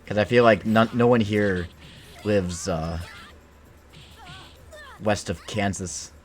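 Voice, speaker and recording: This young man from Illinois has a Midwestern accent that leans toward Ohio, and his voice sits on the low side. Chatting casually while streaming a game, he rambles at a slow, easygoing pace, packing his talk with filler words. Faint music can be heard behind him.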